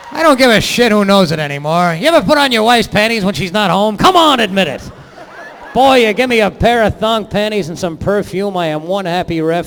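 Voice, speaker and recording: Picture a grumbling, aging male football referee with a bright, pushy tone, griping through a blunt confession. His voice sits fairly high, as a stand-up comic acts him out. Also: a little hiss or hum. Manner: gruff griping monologue. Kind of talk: stand-up character bit.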